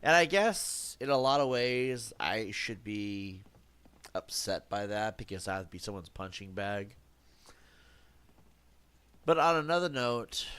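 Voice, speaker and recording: A man's voice: fairly low pitch, a bit bright. A man streaming a game with a stuffy nose, talking casually in a reflective, rambling way with jokey asides. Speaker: live streamer. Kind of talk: casual live-stream talk while gaming.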